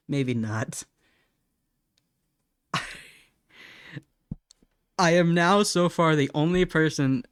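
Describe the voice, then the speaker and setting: A man's voice: a little high, a bit bright, smooth, no echo, clean studio sound. A young man chatting casually on a live stream while he draws, laughing often and apologizing in a self-mocking way.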